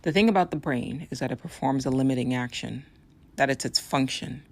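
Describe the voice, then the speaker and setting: A woman hosting a solo podcast, talking in an earnest, persuasive way with a raspy, hoarse voice. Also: rumbling low, fairly quick. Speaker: podcast host.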